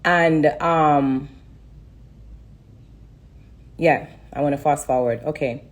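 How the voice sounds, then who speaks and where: On a live stream, a woman with a low-sitting voice shares an emotional personal testimony. Her delivery is halting and repetitive, broken up by frequent pauses and fillers.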